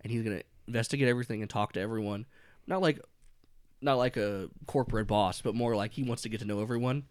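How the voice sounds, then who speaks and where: Running a tabletop horror game as game master, a man with a lowish voice talks fast and narrates casually, rambling with many fillers and laughing often. The recording is clean studio sound with no echo.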